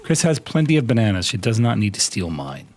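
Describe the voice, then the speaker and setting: A man streaming a game live, talking playfully with a co-player and breaking into goofy shouted chants as he narrates his moves. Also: lowish voice, big pitch swings, a little fast, soft background music. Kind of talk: live gaming stream commentary.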